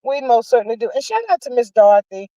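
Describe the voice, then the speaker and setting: A woman hosting a casual livestream, chatting about celebrity news in a sassy, drawn-out way and calling viewers honey and child. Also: fairly high pitch, expressive, warm tone, dry recording, poor audio. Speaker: livestream host. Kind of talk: casual gossip chat.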